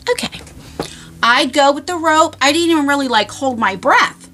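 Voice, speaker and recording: A woman in her forties, a vlogger telling funny stories to camera in a chatty, animated way with frequent laughs and fillers. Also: high-pitched, normal speed, slight background noise. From New Jersey shore area. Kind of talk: casual storytelling to camera.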